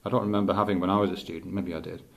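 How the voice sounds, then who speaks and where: A middle-aged male teacher thinking aloud in a halting, reflective way, with many restarts. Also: sits low, steady tone, creaky. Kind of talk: unscripted spoken reflection.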